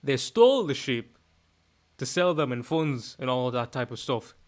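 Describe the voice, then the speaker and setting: A man putting on a put-on Scottish accent, playing a loud, foul-mouthed Scotsman who rants and swears for laughs on a stream. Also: medium pitch, very animated, moderate pace, lightly acted. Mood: ranting. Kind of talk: comic impression on a live stream.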